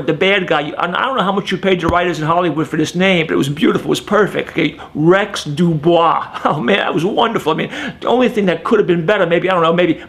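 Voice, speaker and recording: A man playing a fast-talking New Orleans local. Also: high voice. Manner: brash, rambling phone patter with "okay?" tags. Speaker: comedian. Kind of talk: live one-man stand-up sketch.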